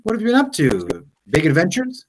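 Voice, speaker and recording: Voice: medium pitch, huge pitch swings, brisk, background noise, voice pushed up. Game master doing a stammering shy blacksmith. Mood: nervous. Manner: stammering, nervous, hesitant.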